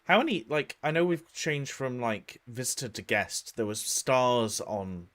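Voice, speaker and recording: A man's voice: mid-range voice, expressive, measured pace, fairly bright tone. A man player chatting casually during a tabletop game, asking easygoing questions.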